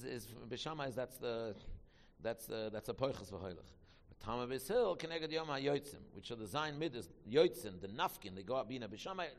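Guy teaching a torah class super fast, gravelly voice, lots of restarts, echoey hall. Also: mid-range voice. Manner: quick, repetitive, with many restarts.

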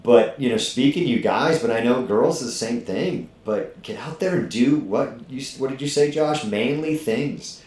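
A man's voice: medium pitch, normal speed, hardly any pauses, darkish tone. A middle-aged man hosting a podcast as a gym owner, talking bluntly and profanely in a fired-up motivational way. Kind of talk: casual podcast chat. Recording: echoey room.

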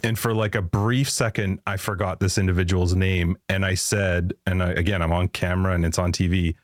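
A man's voice: deep voice, level tone, brisk, dry recording, studio quality. A man hosting a podcast, telling rambling anecdotes in casual chat and laughing often. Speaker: podcast host.

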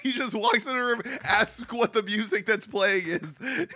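A man's voice: sits high, a little slow, pushed and bright. A man co-hosting a podcast in casual chat, reacting with short wry comments and lots of laughter. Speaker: podcast co-host. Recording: audible background noise.

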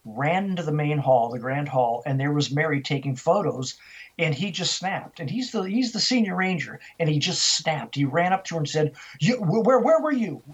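A man's voice: on the high side, moderate pace, breathy edge. Older man telling a ghost story over a muffled line. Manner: animated storyteller, acting out quoted voices. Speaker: interview guest. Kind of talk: storytelling in a radio interview.

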